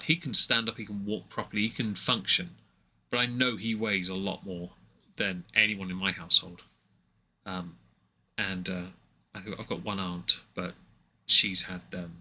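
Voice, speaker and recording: Bright-voiced man rambling through stream commentary. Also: sits low, fairly even intonation, normal speed, husky. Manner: rambling, mocking, many fillers and restarts. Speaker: livestream commentator. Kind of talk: casual livestream commentary.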